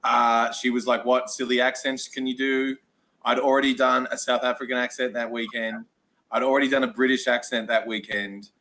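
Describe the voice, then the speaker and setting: Bright-voiced man, self-deprecating. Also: mid-range voice, level tone, normal speed. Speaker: actor guest. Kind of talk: casual livestream Q&A.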